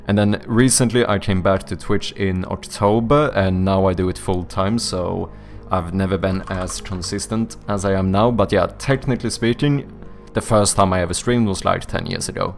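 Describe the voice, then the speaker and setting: A man's voice: deep voice, moderate pace, gravelly, soft background music. A man from Sweden with a Swedish accent and British-leaning English, streaming live and chatting casually with his viewers, rambling and joking as he corrects himself. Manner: rambling, self-correcting, jokey. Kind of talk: casual live-stream chat reading chat aloud.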